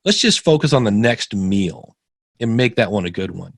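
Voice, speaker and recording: A middle-aged man with a fairly low voice tells stories in a relaxed interview, jumping way up in pitch whenever he quotes someone. The sound is dry and close, with no room around it. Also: normal speed, gravelly, no room sound. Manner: animated, acts out quoted voices with big pitch jumps. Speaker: podcaster guest. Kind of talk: casual interview storytelling.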